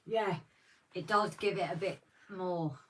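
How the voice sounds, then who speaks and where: A woman's voice: fairly low pitch, unhurried. A woman co-hosting a livestream in casual, teasing chat while she works on a model. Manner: chatty, teasing banter. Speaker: co-host of a model railway livestream. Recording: distant mic with faint noise.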